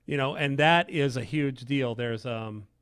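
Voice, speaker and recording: At a measured pace, a lead game designer talks enthusiastically on a casual livestream in a medium-pitched, fairly bright voice that is clear and resonant. He rambles, often restarting his sentences and padding them with fillers. The recording is dry and studio quality.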